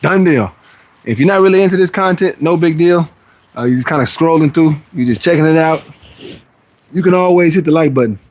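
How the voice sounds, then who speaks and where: A man hosting a fitness livestream chats casually with viewers, his slangy talk rambling and restarting as he often acts out other people's voices. His fairly high, slightly mellow voice runs a little fast, and the recording sounds muffled.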